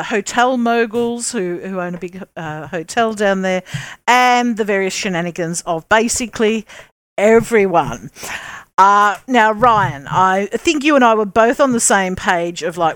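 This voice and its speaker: A woman's voice: medium pitch, fairly bright tone, dry recording. A woman co-hosting a podcast, chatting casually and explaining with lots of ums and restarts. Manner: chatty, explains with many fillers. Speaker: podcast co-host. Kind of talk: casual chat.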